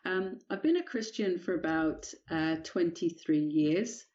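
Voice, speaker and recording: A middle-aged woman with a British English accent, hesitantly sharing her personal testimony as an interview guest, with many pauses and ums. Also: fairly low pitch, darkish tone, highs cut off. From England. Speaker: guest author.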